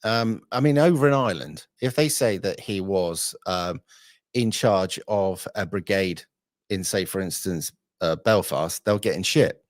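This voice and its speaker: Blunt, sweary man, lowish voice. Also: measured pace, no echo, studio quality. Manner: blunt, sweary, rambling with fillers. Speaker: livestream host. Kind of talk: casual livestream chat.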